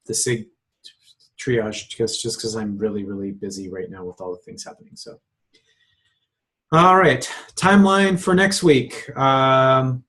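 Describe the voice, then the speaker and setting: A man's voice: medium pitch, a bit bright. A man running an online release meeting on a video call, talking casually with many fillers and restarts.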